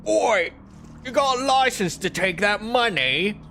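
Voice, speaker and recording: Brief: guy doing a bossy mock-cockney shopkeeper, raised and bright, a bit higher. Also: expressive, a little slow, faint music behind, full character voice. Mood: mock scolding. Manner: exaggerated fake British accent, jokey.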